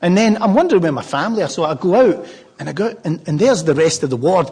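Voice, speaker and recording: A man's voice: on the high side, fast talker, gravelly, darkish tone, breathy edge. An older man with a Glaswegian Scottish accent, a Buddhist speaker telling a rambling, humorous story to a live audience.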